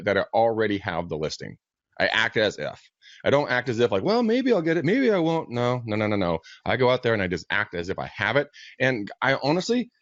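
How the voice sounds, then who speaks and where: A man's voice: on the low side, dry recording. A man who works as a real estate agent, chatting casually on a show and acting out both sides of the conversations in his stories. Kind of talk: casual podcast chat, storytelling. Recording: dry, slightly dull livestream audio.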